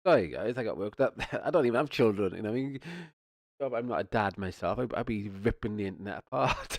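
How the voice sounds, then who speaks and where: Low-voiced rambling male streamer. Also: fast, no echo, clean studio sound. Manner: rambling, swears, stumbles and restarts, repeats "you know what I mean". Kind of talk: casual ranting commentary.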